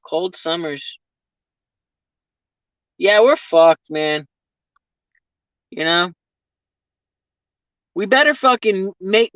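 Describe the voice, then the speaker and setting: A man's voice: high-pitched, a bit bright, dry recording. A man chats loosely with his live viewers from his vehicle, rambling from one thought to the next and swearing freely. He laughs often as he talks. The sound is dull and lo-fi, with a close, dry feel. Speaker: livestreamer chatting with viewers. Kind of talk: casual live chat. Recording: dull lo-fi stream audio.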